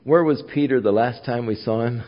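A man's voice: medium pitch, fairly quick, lo-fi sound. A male pastor giving a conversational sermon, retelling scenes and repeating himself.

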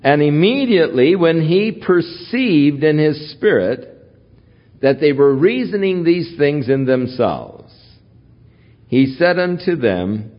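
A man preaching a sermon as pastor, teaching from the Bible in a measured way. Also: on the high side, lively intonation. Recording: dull lo-fi recording.

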